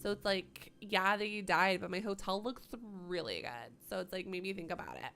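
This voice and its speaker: A woman's voice: medium pitch, animated, normal speed, vocal fry, pushed and bright. A woman voicing a ditzy young woman who gushes about her party, with airy valley-girl filler talk. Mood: gushing.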